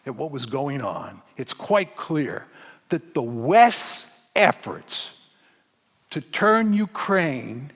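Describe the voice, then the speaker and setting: A man speaking at a slightly higher pitch than most men, lecturing an audience in a forceful, argumentative way. He hammers on the words that carry his point. His voice rings out with the long reverb of a large lecture hall. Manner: emphatic, argumentative, stresses key words.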